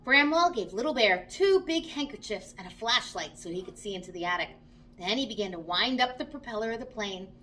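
A woman reading a children's story aloud, in an animated, expressive way. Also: high-pitched.

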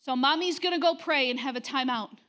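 High-voiced woman pastor preaching bluntly. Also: fairly quick, a bit bright. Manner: direct, confrontational preaching with mocking quoted voices. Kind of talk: sermon. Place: church sanctuary.

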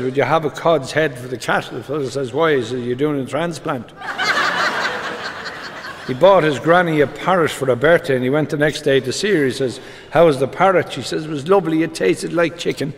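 An Irish man, a comedian, doing live stand-up, briskly rattling off short jokes as quick back-and-forth exchanges. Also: on the high side. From Ireland. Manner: brisk storyteller, rattles off quoted exchanges with repeated "he says". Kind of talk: live stand-up joke telling. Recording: reverberant venue with background noise.

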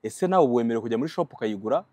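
A man's voice: mid-range voice, lively intonation, racing, a little mellow, dry recording. A man hosting an interview, prompting his guest with short questions. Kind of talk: casual interview.

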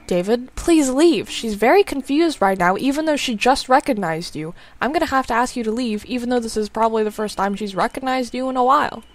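A woman doing a stern male care home worker with a gruff, lowered voice. He is firm and clipped, all business. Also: animated, brisk, hardly any pauses, natural voice.

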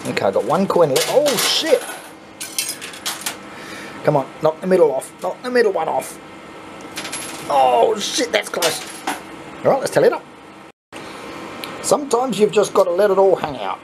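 An Australian man hosting a coin pusher channel, chatting casually and swearing when excited as he plays. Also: sits high, normal speed, vocal fry, pauses often, noisy background. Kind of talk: casual commentary while playing. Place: arcade coin pusher machine.

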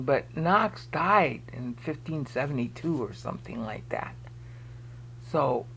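A presenter narrating a screen-recorded walkthrough, thinking aloud while searching on screen and making pointed, emphatic remarks. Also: medium pitch. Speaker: video presenter explaining research.

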